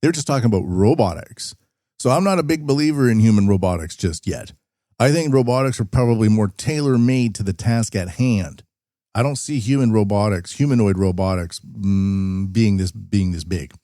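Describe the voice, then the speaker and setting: Low-voiced man riffing on news. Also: moderate pace, dark tone, dry recording, clean studio sound. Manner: rambling, sarcastic asides while reading articles. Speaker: podcast host. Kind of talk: casual news commentary.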